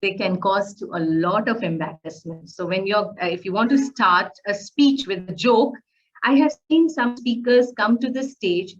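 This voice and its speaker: Woman teaching in a conversational lecture. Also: on the high side. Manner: conversational teaching with rhetorical questions, frequent fillers. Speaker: public speaking instructor. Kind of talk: recorded lecture. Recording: slightly dull lo-fi audio.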